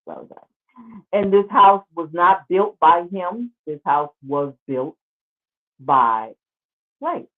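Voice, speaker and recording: A woman's voice: on the low side, animated, extremely slow, pauses often. A woman hosting a show, giving casual, sarcastic commentary as she exclaims over pictures. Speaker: show host. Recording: tinny phone-like line.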